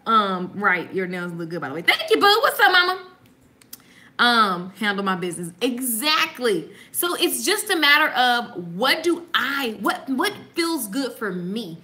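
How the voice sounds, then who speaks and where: Bright, lively woman with a sassy drawl. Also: fairly high pitch, measured pace. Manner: sassy, animated, laughs often. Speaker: host. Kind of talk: casual chat.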